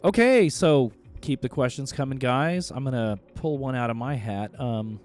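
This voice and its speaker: A man's voice: mid-range voice, moderate pace, darkish tone, soft background music. A man hosting a podcast in casual chat, laid-back and swearing freely as he reacts and reads out questions. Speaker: podcast host.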